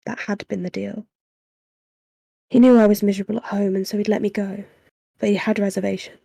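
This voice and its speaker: A young woman reading a novel aloud on a livestream into a desk microphone at home, in a soft, unhurried narration with chatty asides. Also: mid-range voice, level tone, creaky, slightly rough, no room sound. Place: small room at home.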